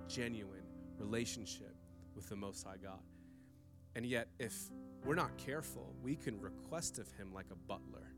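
A pastor preaching a sermon, swinging between loud emphasis and hushed, intimate lines. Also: male voice, lowish voice. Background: soft guitar from the band.

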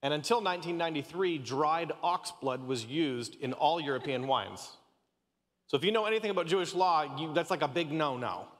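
A man's voice: on the high side, lively intonation, moderate pace, fairly bright tone, long reverb tail. A man from Canada in his thirties preaching a casual, joking sermon, often stumbling and restarting his sentences. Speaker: pastor. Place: church sanctuary.

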